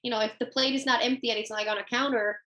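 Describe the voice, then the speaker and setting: A young woman co-hosting a podcast in casual chat, telling stories with voiced quotes and laughter, recorded with rough home audio. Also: on the high side, steady tone, fast, a bit bright. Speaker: podcast co-host.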